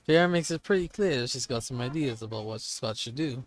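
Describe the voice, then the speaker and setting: A man of average pitch reading out a visual novel on his gaming channel. His asides are casual and wry, dropped in between stretches of read narration. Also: expressive, brisk, hardly any pauses. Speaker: let's play host.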